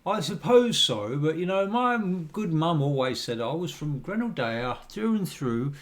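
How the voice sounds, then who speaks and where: A man's voice: on the high side, very animated, a little slow. A man voicing a chatty, rambling town guard corporal in a tabletop role-play, with a folksy, gossipy manner.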